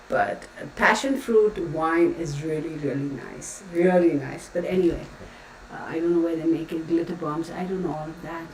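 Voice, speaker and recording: A woman's voice: low voice, moderate pace, far from the mic. A woman hosting a casual tarot livestream, chatting and rambling as she reads out viewers' comments. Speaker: tarot reader livestream host. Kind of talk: casual chat with live viewers. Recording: echoey room, voice off the mic, faint room noise.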